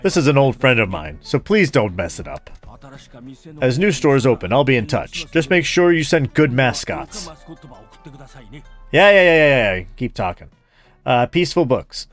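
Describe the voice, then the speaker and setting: A man narrates his playthrough of a story game, reading each character's lines aloud and laughing at the script. His pitch swings widely from line to line, and soft music runs faintly behind him. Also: big pitch swings, moderate pace. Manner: reads every character aloud, switching voices. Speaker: gaming YouTuber. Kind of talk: let's play, voicing game dialogue.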